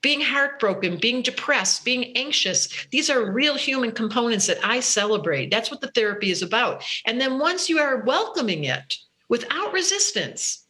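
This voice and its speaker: A woman being interviewed as a spiritual teacher, talking in an expressive, earnest way. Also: a little high, normal speed, hardly any pauses. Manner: expressive, earnest, laughs into her words. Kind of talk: animated interview talk.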